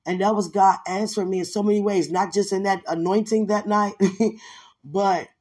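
A woman's voice: mid-range voice, fairly even intonation, moderate pace, a little mellow, breathy edge. A woman podcast host giving a fervent, rambling devotional testimony with many fillers.

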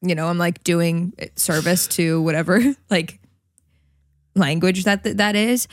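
A woman's voice: lowish voice, steady tone, unhurried, no echo, clean studio sound. Rambling, giggly young woman podcaster. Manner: rambling storyteller, swears freely, giggly. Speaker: podcast co-host. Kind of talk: casual chat.

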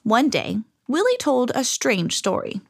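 Reading from a children's storybook, this woman performs it with plenty of animation and expression. She has a mid-range voice at an ordinary pace, captured as a dry, studio-quality recording.

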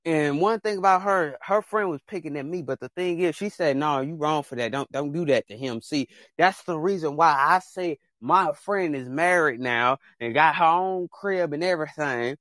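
A man's voice: a little high, moderate pace, hardly any pauses, a bit bright, no echo. Fired-up young man giving advice. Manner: passionate, rambling, talks straight to viewers. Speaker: podcast host. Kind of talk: casual chat, preachy advice.

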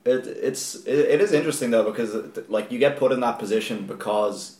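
Male co-host, low voice, thoughtful, recorded roomy and distant. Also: fairly quick, darkish tone. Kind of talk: casual podcast chat.

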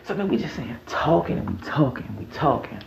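Animated Southern man telling a story. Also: mid-range voice, quick pace, vocal fry. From Mississippi. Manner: profane, animated, laughing, repeats himself. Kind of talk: casual storytime vlog. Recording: echoey room, dull audio, faint hiss.

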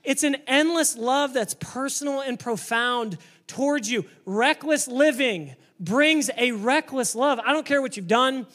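A man preaching a sermon to a church congregation, energetic and emphatic, sometimes building up to shouting. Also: very high voice, measured pace, few pauses. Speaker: pastor.

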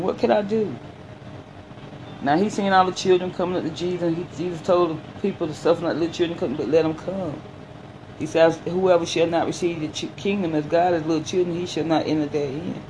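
A man preaching a sermon, reading scripture haltingly and then explaining it in plain, folksy words. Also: on the high side, darkish tone, a little hiss or hum, low-quality recording.

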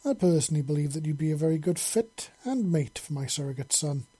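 A man's voice: fairly high pitch, lively intonation, a little fast, warm tone, husky. A man voicing a proud alien huntress who speaks in a declaiming manner.

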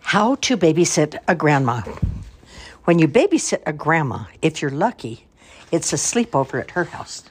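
Husky-voiced grandma reading picture books. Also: female voice, deep voice, moderate pace. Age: older. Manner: expressive, playful. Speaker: storyteller grandmother.

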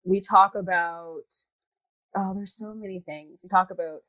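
A woman actor being interviewed over a video call, an animated storyteller who laughs and slips into voices. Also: medium pitch, unhurried, no room sound, rough recording. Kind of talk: casual interview chat.

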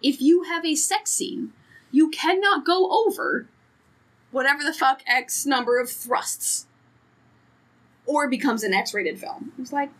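A woman's voice: high voice, measured pace, a bit bright. A woman co-hosting a podcast in casual chat, frank, profane and joking. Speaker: podcast co-host.

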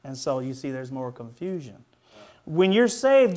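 A pastor preaching a fervent sermon, with call-and-response and shouts of hallelujah. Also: male voice, animated, measured pace, clean tone. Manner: ends in a soft, low closing prayer.

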